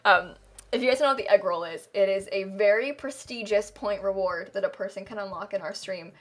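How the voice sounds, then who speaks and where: A young woman from the United States, a game streamer, chats casually on a live stream in a mid-range, brisk voice. She rambles with lots of "like" and laughs often, while faint music plays in the background.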